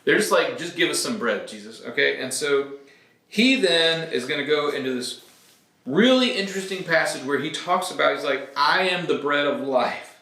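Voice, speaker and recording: A man's voice: fairly high pitch, lively intonation, moderate pace, sharp tone. A middle-aged man, a pastor, walking through scripture in a casual, explanatory teaching style and often checking in with his listeners. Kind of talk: conversational Bible teaching. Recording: echoey room.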